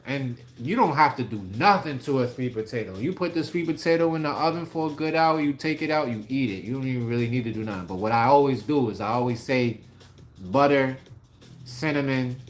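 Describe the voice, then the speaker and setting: A man from New York City with a New York accent, hosting a casual livestream and chatting with viewers in lively slang. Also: medium pitch, a little fast, faint music behind. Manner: animated, slangy, laughs often, talks to viewers by name. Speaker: livestream host. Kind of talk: casual live chat reading comments.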